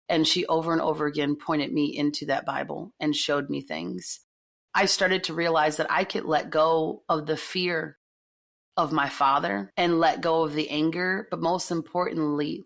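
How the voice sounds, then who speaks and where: A woman's voice: sits low, vocal fry, a bit bright. Earnest, emphatic woman telling her story. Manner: earnest and emphatic, with repeated phrases. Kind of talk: personal storytelling on a podcast.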